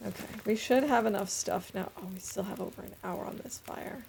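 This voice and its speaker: A woman's voice: mid-range voice, fairly quick, creaky, a little mellow, a little hiss or hum. A woman streamer giving casual, chatty commentary while playing a game, thinking aloud as she goes.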